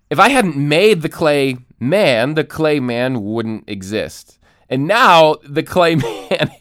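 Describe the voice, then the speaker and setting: A man's voice: mid-range voice, clean tone, no echo, clean studio sound. A man hosting a podcast who teaches as a pastor, earnestly explaining with restarts.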